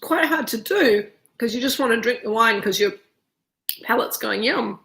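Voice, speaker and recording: A woman's voice: fairly high pitch, expressive, normal speed, gravelly, fairly bright tone. A woman leading a casual live wine tasting class, chatting freely while chewing cheese. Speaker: winemaker leading a virtual tasting.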